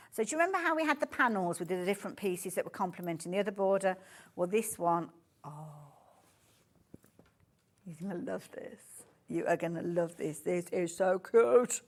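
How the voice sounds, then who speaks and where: A Brummie shopping channel presenter sells fabric live from a TV studio, speaking in a lowish voice with a Birmingham accent. She's chatty and gushing and keeps interrupting herself.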